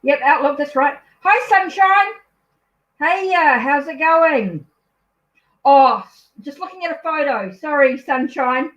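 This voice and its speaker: A woman's voice: high-pitched, unhurried, dull audio. A woman with a New Zealand accent, a tarot reader chatting casually at home on a live stream, easily distracted, apologetic and thinking aloud.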